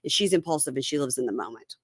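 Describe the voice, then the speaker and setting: A woman's voice: very deep voice, racing, slightly rough, no room sound, studio quality. A woman co-hosting a casual podcast, recapping a reality show and acting out the cast's lines as she retells them. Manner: animated retelling, acting out quotes. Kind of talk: casual chat.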